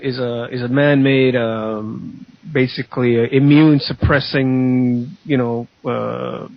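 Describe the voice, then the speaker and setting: A man guest on a casual radio talk show, halting and searching for his words. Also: medium pitch, no echo. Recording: dull lo-fi internet radio audio.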